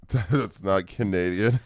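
A man's voice: deep voice, slow pace, no room sound, clean studio sound. A man co-hosting a comedy podcast, joking around in a put-on Canadian accent and laughing often. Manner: jokey, puts on a mock Canadian accent ending lines with eh. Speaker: podcast co-host. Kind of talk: casual comedic banter.

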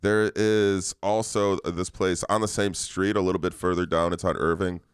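A young man trades laid-back banter on a podcast, swearing casually and ending lines with "man." His voice is low and notably smooth. The recording is close and dry. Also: little pitch movement, moderate pace, no room sound. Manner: laid-back, profane, says "man" a lot. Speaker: podcast co-host. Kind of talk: casual chat.

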